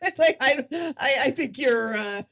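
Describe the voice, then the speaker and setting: A woman's voice: sits high, expressive, measured pace, fairly bright tone, slight background noise. A woman co-hosting a podcast, joking in casual chat and often repeating words as she starts her sentences. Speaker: podcast co-host.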